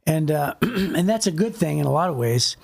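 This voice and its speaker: A man's voice: on the high side, expressive, normal speed, creaky, a little mellow. A middle-aged man co-hosting a faith podcast, talking in a loose, rambling way and acting out quotes. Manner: rambling, acts out quotes in little voices. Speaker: podcast co-host. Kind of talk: casual faith discussion.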